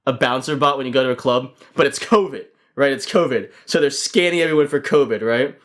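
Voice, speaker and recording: A man's voice: mid-range voice, brisk, fairly bright tone. A young man hosts with a middling voice, telling rambling comic bits in casual, profane chat. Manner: storytelling, profane, laughing often. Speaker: podcast host.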